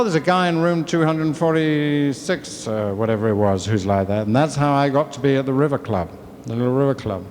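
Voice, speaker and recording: An English man tells his recovery story in a wry, candid, storytelling way, at a middle pitch. The voice carries a long hall reverb with faint room ambience, like an old convention tape. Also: a little mellow, slight background noise. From England. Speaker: convention speaker.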